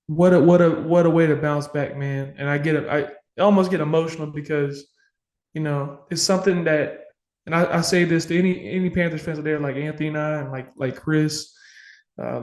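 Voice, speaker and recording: A man's voice: fairly high pitch, steady tone, moderate pace, darkish tone. Passionate swearing man in an echoey room. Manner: passionate, emotional, swears freely. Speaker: podcast co-host. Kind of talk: casual sports podcast chat. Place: home room full of memorabilia.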